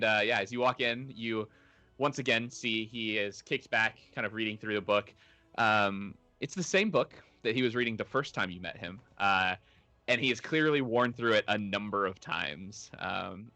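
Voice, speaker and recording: Low bright-voiced game master. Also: male voice, dry recording. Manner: rambling, lots of fillers, laughs easily. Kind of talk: narrating a tabletop game.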